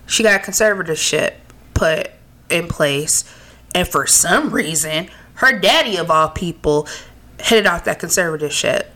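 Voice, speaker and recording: A woman's voice: lowish voice, lively intonation, a little slow, bright, forceful tone. A woman from the West Coast co-hosting a podcast, telling stories in a candid, profane, laughing way. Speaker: podcast co-host. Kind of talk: casual chat.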